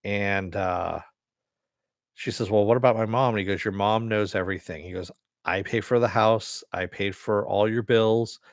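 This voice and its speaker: Man, low voice, dry close sound, casual rambling recap, lots of fillers. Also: fairly even intonation, moderate pace, dry recording. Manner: loose, rambling retelling with many fillers and quoted lines. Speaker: TV episode reviewer.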